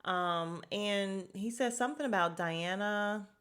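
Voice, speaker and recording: A woman's voice: medium pitch, slow pace, fairly bright tone. A woman hosting a podcast, recapping a reality show in casual, blunt, profane chat and laughing often. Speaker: podcast host.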